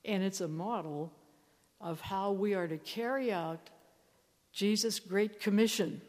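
A woman giving a sermon, telling the story in a lively way and acting out quoted lines. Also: medium pitch, unhurried. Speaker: preacher. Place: church. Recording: reverberant church hall.

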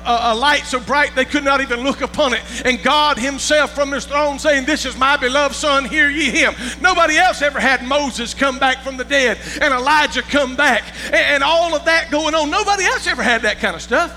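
A high-pitched man preaches a folksy sermon, often stumbling over repeated words and asking if the congregation is with him. His voice is sharp and very bright, and it rings with long reverb over faint music and a mains hum. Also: a little fast, hardly any pauses. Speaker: pastor.

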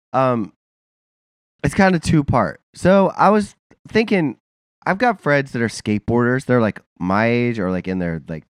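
A man's voice: mid-range voice, clear, resonant tone, no room sound, clean studio sound. A man with a congested, nasal voice from a sinus infection, co-hosting a casual podcast chat, rambling with lots of fillers and laughs. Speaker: podcast co-host.

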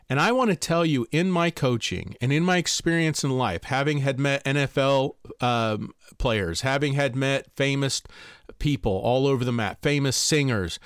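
A man speaking as a life coach, telling a personal story in an animated, emphatic way. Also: no room sound, studio quality. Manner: animated and emphatic, pitch leaps on key words.

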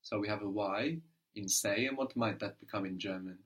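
A man's voice: fairly low pitch, normal speed, fairly bright tone, highs cut off. Patient male tutor coaching a student step by step, frequent "no?" check-ins. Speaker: language teacher. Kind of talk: one-on-one German lesson.

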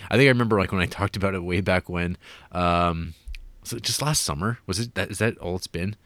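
A man's voice: low voice, fairly quick, fairly bright tone, no room sound. A man in a casual podcast chat, speaking reflectively and hesitantly with frequent fillers. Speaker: podcast co-host.

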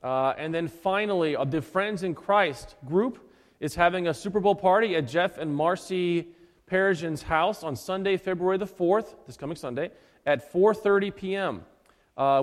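A man reading church announcements and leading an opening prayer in a folksy way, with gentle asides. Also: high-pitched. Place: church sanctuary. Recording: long reverb of a church hall.

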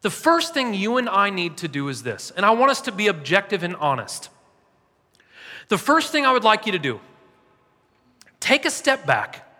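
A man preaching a sermon as pastor, conversational and self-deprecating, often tagging his points with a quick question to the room. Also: high voice, very animated, sharp tone. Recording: long reverb in a large hall.

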